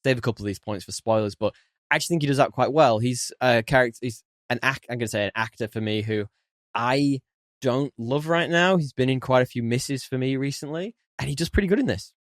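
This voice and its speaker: A man co-hosting a podcast in easygoing conversation, laughing often and breaking into playful voices when he jokes. His pitch sits in an ordinary middle range. The recording is close and dry, with no room sound. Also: brisk, no room sound. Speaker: podcast co-host. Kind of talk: casual film review chat.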